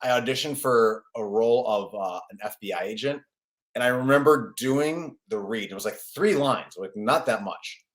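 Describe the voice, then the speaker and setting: A man from Chicago, a guest in a casual interview who talks in quick, halting bursts with many fillers. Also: mid-range voice. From North Side of Chicago. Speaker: guest, actor and writer.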